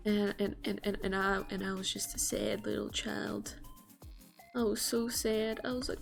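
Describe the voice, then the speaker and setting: A young woman streamer telling a childhood story on stream, acting out the voices with gasps and loud jumps. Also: medium pitch, a little slow, creaky, soft background music.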